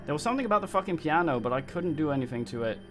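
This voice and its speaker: A man's voice: fairly high pitch, animated, very fast. A man streaming a game live, talking casually in a rambling, mumbling way with frequent swearing.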